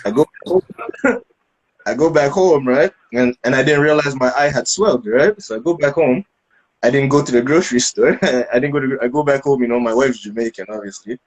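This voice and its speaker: A man in the middle of a podcast story, talking loosely and animatedly. He piles up fillers and restarts and breaks into laughs as he acts out the scene. His voice sits at an ordinary middle pitch. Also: a little fast, low-quality recording. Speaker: podcast co-host. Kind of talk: casual storytelling.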